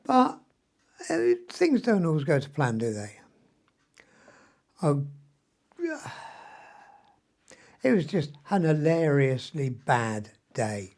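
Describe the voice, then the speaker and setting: A man's voice: medium pitch, darkish tone. A man, rambling through a personal video diary with mild swearing and frequent ums, sounding weak and short of breath from illness. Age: 70s. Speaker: vlogger.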